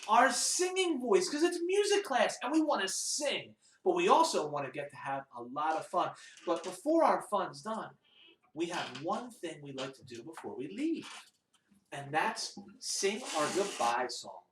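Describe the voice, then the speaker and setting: A man teaching a children's music class, talking slowly and patiently in a sing-song way and breaking into song. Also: a little high, big pitch swings, roomy sound, slight background noise.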